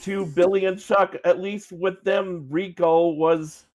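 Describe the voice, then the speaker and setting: A man's voice: high-pitched, steady tone, takes it slowly, a little mellow. A man from Minnesota co-hosting a podcast, giving opinionated remarks in a casual wrestling chat. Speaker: podcast co-host.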